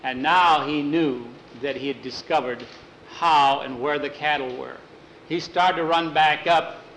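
A man's voice: on the high side, fairly even intonation, measured pace, a bit bright, a little hiss or hum, poor audio. A man telling a story in a plain, folksy way, often repeating "he said". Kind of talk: told story with voices.

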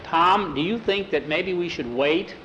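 A man doing a jittery young cowboy, higher voice. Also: a little slow, pushed and bright, lo-fi sound, slight background noise. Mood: worried. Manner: anxious, pleading. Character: nervous young male traveler, jittery.

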